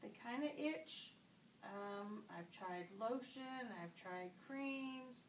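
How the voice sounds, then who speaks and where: A woman's voice: on the high side, lively intonation, takes it slowly, slight background noise. A woman playing a patient in a nursing demonstration, answering hesitantly with fillers. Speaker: role-played patient. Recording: echoey room, far from the mic.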